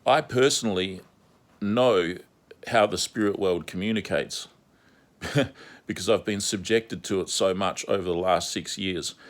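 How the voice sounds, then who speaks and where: Low-voiced guy ranting on his channel, keeps hammering the same points. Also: measured pace. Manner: insistent, repetitive, emphatic. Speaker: online commentator. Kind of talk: ranting monologue vlog.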